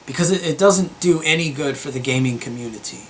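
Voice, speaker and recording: A young man hosting his gaming channel, giving a calm, earnest opinion monologue with many fillers and restarts. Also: on the high side, brisk, a little hiss or hum. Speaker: gaming YouTuber.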